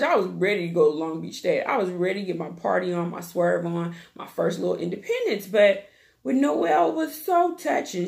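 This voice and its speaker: A woman with a gravelly, mid-range voice hosts her own YouTube channel. She recaps a reality TV show in a chatty, gossipy, slang-heavy style.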